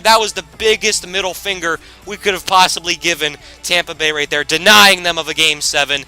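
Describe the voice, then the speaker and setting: A man commentating his own hockey video game season, excitable and quick to shout at big plays, with rambling asides. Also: high-pitched, clean tone, soft background music, poor audio. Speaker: gaming YouTuber.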